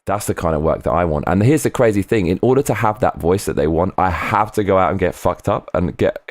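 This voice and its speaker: A man hosting a casual live stream, chatting loosely and reading viewer comments aloud between tangents. His voice sits a bit low, he swears freely, and the sound is dry and close to the mic. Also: no room sound.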